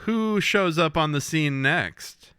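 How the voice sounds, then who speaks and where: A man co-hosting a podcast, recapping a TV episode in casual chat, animated and swearing as he acts out characters' lines. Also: a little high, slow, clean tone, dry recording, clean studio sound. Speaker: podcast co-host.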